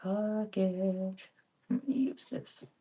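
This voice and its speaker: Her medium-pitched voice is warm and very slow, and the mic, a small handheld pink one, sits at a distance. This crafting vlogger in her thirties rambles casually to live-stream viewers as she crafts at home by a window, tossing in slangy asides.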